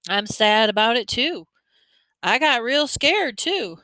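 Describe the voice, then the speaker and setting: A woman's voice: fairly high pitch, sing-song, takes it slowly, sharp tone, dry recording, voice pushed up, exaggerated voice. A woman reader voicing a tough teenage boy who talks slangy and bossy to his little brother. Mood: scolding. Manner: slangy, scolding, street talk.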